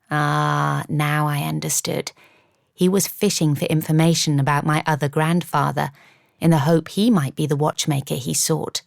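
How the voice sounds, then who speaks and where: Low, gravelly woman narrating an audiobook. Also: flat delivery, normal speed, no room sound, clean studio sound. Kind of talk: first-person novel narration.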